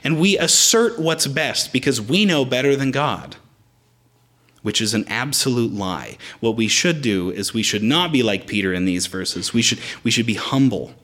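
Brief: male preacher, mid-pitched, very animated delivery, explains the Greek text. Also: normal speed. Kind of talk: sermon.

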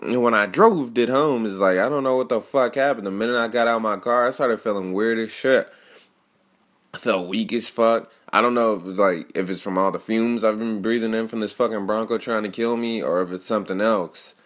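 A man's voice: fairly low pitch, brisk, fairly bright tone. A young man hosting his own podcast, telling rambling stories in a casual, profane, slang-heavy way. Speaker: podcast host. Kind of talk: casual solo podcast monologue.

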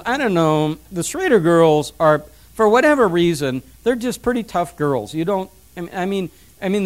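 A middle-aged man preaching a sermon, emphatic, repeating his points and telling family stories. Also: high-pitched. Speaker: pastor. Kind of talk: sermon on parenting.

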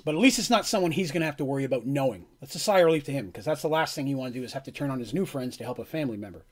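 A man narrating as game master on a live stream, in a relaxed, rambling style. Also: medium pitch, rapid-fire.

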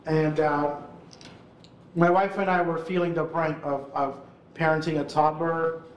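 A man in his forties gives a casual storytelling talk to a live audience. His voice sits high for a man, and he talks in a relaxed, conversational way. The sound carries the roomy echo of a hall. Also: unhurried. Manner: casual, chatty storytelling full of "like" and "right?". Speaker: urban ministry worker speaking at an event.

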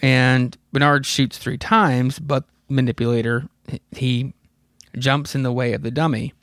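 A man in his thirties hosts a podcast and retells a comic story in loose, rambling talk. He swears now and then and chuckles at his own asides. His voice sits at an ordinary middle pitch and is recorded close and dry. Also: fairly even intonation, a little slow, a bit bright, no room sound. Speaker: podcast host. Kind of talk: casual comic book recap.

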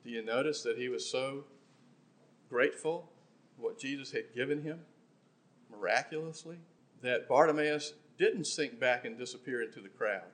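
A man preaching a sermon in church, impassioned, swinging between emphatic bursts and quiet, intimate asides. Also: medium pitch, normal speed.

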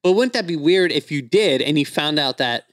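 A man's voice: on the high side, lively intonation, moderate pace, no echo. A man with a slightly raised voice tells a story in casual chat. He laughs through his lines, swears freely and acts out the people he quotes. The sound is dry and close.

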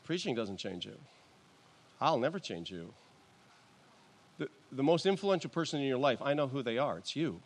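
A male pastor preaching a sermon in a church, in a conversational, halting way with restarts and soft chuckles. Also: mid-range voice, sing-song.

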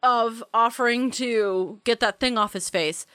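A woman's voice: a little high, measured pace, a bit bright, clear, resonant tone, no echo, studio quality. A woman co-hosting a podcast, chatting casually and playfully about a movie with an analytical bent. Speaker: podcast co-host.

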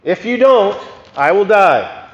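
Man voicing a desperate stranger, pleading and insistent, high voice, echoey hall, muffled lo-fi sound. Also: lively intonation, slow. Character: desperate male stranger dangling on a rope.

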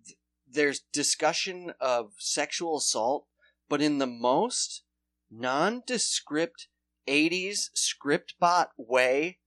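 A podcast co-host recapping an old TV show in a casual, joking way, often jumping into characters' voices. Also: takes it slowly. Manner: animated, jumps into high-pitched impressions of characters.

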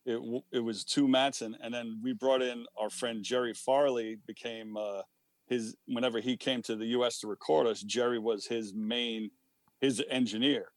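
A man with a New York accent, a band's singer, chatting as a guest in an interview and telling stories with quick asides and laughs. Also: mid-range voice, dry recording. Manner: animated storyteller, quick asides, frequent laughs. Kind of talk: casual interview chat.

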